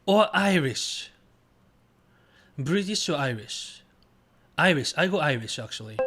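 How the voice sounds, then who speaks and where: Slow-talking, slightly high-voiced male streamer. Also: slightly rough, soft background music. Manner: halting, simple phrasing, bursts of excited cheering. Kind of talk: casual live-stream chat playing a guessing game.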